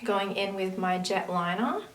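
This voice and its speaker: Woman, casual makeup tutorial chat, rambling, unhurried, distant camera mic. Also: medium pitch, fairly bright tone. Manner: chatty, rambling asides while working. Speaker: makeup vlogger. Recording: roomy, distant camera audio with faint hiss.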